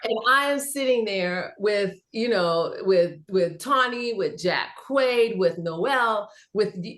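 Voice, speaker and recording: Animated woman telling a lively story. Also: slow, hardly any pauses. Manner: lively, acts out quotes with big pitch jumps. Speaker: voice actor guest.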